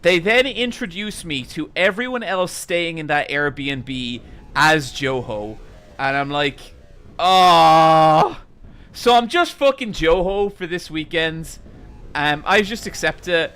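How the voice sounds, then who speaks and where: A man streamer telling a long anecdote to his chat, animated and casually swearing as he rambles. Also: on the high side, unhurried, clean tone, soft background music.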